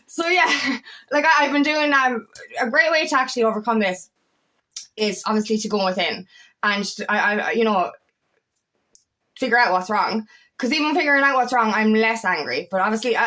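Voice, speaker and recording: A woman's voice: a little high, fairly bright tone, rough recording. A young adult woman, a feminine empowerment coach, talking candidly and passionately in a personal vlog, swearing freely and restarting her sentences.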